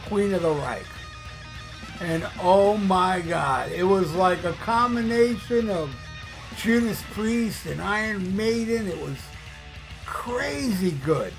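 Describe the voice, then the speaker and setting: A man in his fifties, a podcast host, ranting in an excited, profane way in bursts with fillers. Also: sits high, takes it slowly, gravelly, over music. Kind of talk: casual opinionated rant.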